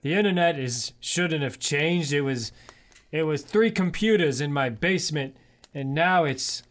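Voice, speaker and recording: A man's voice: a little high, a little slow, close to an everyday voice. A man putting on a cranky old grandpa. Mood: grumbling. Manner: cranky rambling reminiscing. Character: grumpy forgetful old grandpa in a nursing home.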